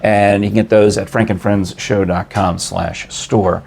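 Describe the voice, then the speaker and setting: Gravelly low-voiced older male host. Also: flat delivery, unhurried, darkish tone, slight background noise. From New York. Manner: chatty, rambling, laughs often. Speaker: talk show host. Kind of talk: casual interview chat.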